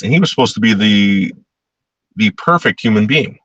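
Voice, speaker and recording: A man's voice: lowish voice, animated, normal speed, fairly bright tone, slightly rough, dry recording, highs cut off. A man talking casually in a rambling monologue, repeating words and growing heated.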